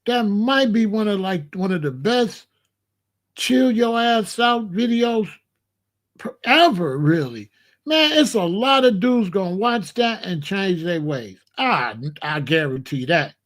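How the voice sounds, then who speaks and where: A man with a high voice hosts a live reaction stream. He talks in an unhurried, drawn-out way, loose and casual. He keeps circling back to the same points and keeps asking his viewers questions. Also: animated, fairly bright tone. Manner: casual, repetitive, asks chat questions. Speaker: commentary channel host.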